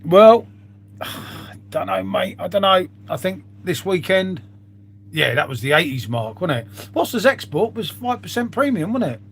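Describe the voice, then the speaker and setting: A man's voice: high-pitched, big pitch swings, a little slow, a bit bright, a little hiss or hum. A middle-aged man, chatting casually to viewers on his live stream, swearing freely and calling them mate.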